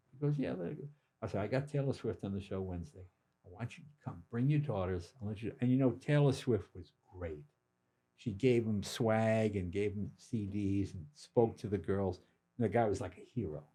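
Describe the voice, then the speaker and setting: An older man, a comedian guest, telling casual anecdotes with quick asides and acted-out quotes. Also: fairly low pitch, mellow. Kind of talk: casual storytelling.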